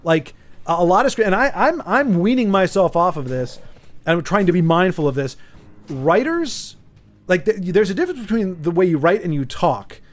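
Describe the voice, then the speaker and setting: A man's voice: sits high, expressive, normal speed. A man streaming a game, chatting casually and rambling with stammers and repeated words as he answers viewer chat. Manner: reads viewer chat aloud and teases. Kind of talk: casual chat while gaming.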